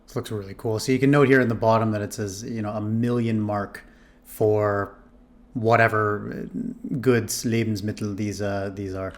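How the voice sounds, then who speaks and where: A man's voice: fairly low pitch, steady tone, moderate pace. Rambling man reacting to a history video. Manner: rambling, self-correcting, many fillers. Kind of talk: casual commentary.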